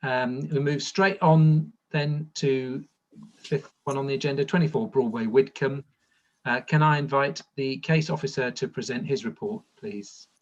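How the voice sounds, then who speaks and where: A man chairs a council planning meeting over a video call, calling names and moving business along briskly between hesitant fillers. His voice comes through slightly dull and muffled. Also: mid-range voice. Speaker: committee chair.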